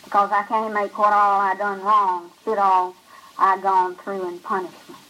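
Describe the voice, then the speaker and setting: A woman reading the lines of a cold, brooding male outlaw, in a flat, grim rural drawl. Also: medium pitch, measured pace, low-quality recording.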